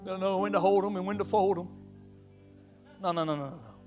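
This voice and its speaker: High-voiced emphatic male preacher. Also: fast talker, music in the background. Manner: emphatic, call-and-response, animated. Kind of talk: sermon.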